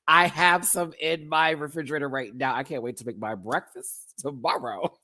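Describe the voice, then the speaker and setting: Sassy, animated man ranting on a livestream. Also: moderate pace. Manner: animated, sassy, talks straight to chat with big pitch jumps. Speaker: live stream host. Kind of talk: casual livestream rant.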